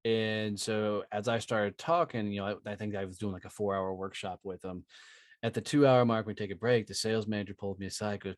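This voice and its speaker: A man's voice: lowish voice, steady tone, brisk, dry recording, clean studio sound. A man guest telling sales stories in a blunt, profane, emphatic way, often tagging lines with "right?". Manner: profane, emphatic, tag questions. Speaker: podcast guest, sales trainer. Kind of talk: casual storytelling.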